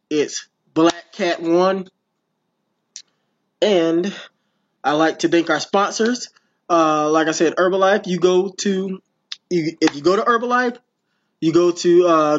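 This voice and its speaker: A man hosting a podcast, rambling through his sign-off with many restarts and fillers. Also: a little high. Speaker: podcast host. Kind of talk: casual podcast outro. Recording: dull lo-fi sound.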